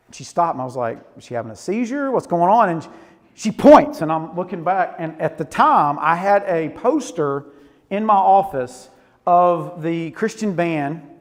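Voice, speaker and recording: High-voiced preacher in a hall. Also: male voice. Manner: animated storytelling with Southern "y'all". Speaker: youth pastor. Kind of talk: sermon. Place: church auditorium. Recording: reverberant hall.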